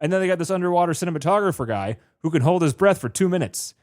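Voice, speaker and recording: A man's voice: high-pitched, animated, rapid-fire, a little mellow. A man co-hosting a casual film podcast, rambling through behind-the-scenes stories and laughing often. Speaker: podcast co-host.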